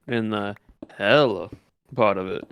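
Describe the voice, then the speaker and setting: A male streamer in casual chat who rambles with many fillers and drawls some words out in a put-on Southern voice, recorded on a compressed mic that makes him sound monotone. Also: fairly low pitch, unhurried, smooth, no room sound, highs cut off. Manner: rambling, many fillers, explains things loosely. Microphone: desk microphone with built-in compression.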